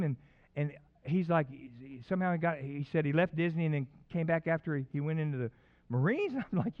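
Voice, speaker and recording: A man's voice: on the high side, phone-quality sound. A man preaching a sermon as pastor, telling rambling personal stories with many restarts.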